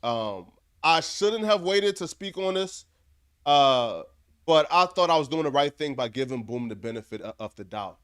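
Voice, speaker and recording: Earnest, higher-voiced male commentator. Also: lively intonation, moderate pace, a bit bright, clean tone. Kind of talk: commentary narration.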